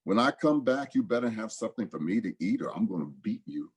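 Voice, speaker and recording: A man's voice: fairly low pitch, sing-song, fast, breathy edge. A man voicing an angry, threatening husband who demands his food.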